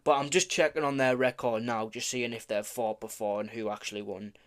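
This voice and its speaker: Man, casual vlogger, rambling and self-correcting, stumbles over names, swears offhandedly, medium-pitched voice. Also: steady tone, brisk, fairly bright tone. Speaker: vlogger making fight predictions. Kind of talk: casual predictions talk.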